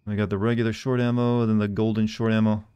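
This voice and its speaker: A man's voice: fairly low pitch, little pitch movement, fast talker, clear, resonant tone, no echo, muffled recording. A man streaming a game, chatting in a rambling way and reading in-game notes aloud. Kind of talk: casual game-stream chat.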